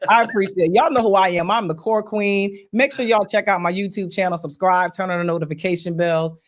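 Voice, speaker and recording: A woman's voice: medium pitch, steady tone, fairly quick. A woman from Pennsylvania hosting a casual podcast chat, talking to her audience in a folksy way and calling them y'all. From Pennsylvania, USA. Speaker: podcast host.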